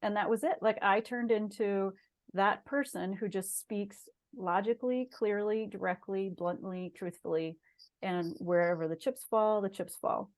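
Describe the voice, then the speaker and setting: A woman's voice: medium pitch, unhurried. A middle-aged woman, a guest on an interview show, earnestly telling a personal story in casual conversation. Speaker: guest, shaman and massage therapist.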